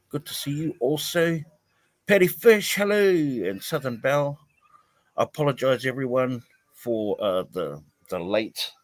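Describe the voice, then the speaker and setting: A man's voice: mid-range voice, dry recording, rough recording. A man hosts a live stream from outdoors behind his house, chatting casually with many fillers and greeting viewers by name.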